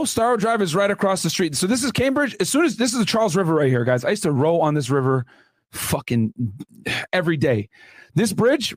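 A young man hosting a casual, profane reaction commentary, animated and quick to laugh. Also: sits high, no room sound, studio quality. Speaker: YouTube commentary host.

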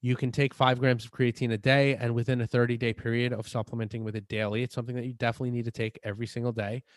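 A man's voice: medium pitch, flat delivery, racing, dry recording. Man explaining supplements in dry sound. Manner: explanatory, talks through supplement advice with restarts. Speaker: fitness podcast co-host. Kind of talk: casual chat.

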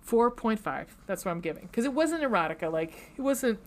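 Woman cohost gushing and cursing, laughs a lot, middle pitch voice. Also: sing-song, a little fast. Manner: enthusiastic, swears freely, laughs often. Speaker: podcast co-host. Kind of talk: casual chat.

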